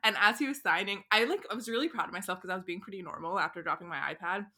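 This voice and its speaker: A young woman co-hosting a podcast, telling stories in an animated, giggly way. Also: mid-range voice, rapid-fire. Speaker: podcast co-host. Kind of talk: casual chat.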